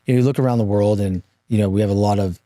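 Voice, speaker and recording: A man hosting an interview in a low, mellow voice, halting and hesitant and full of fillers. The recording is dry and close, with no room sound. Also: steady tone, no room sound. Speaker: podcast host. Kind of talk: casual interview.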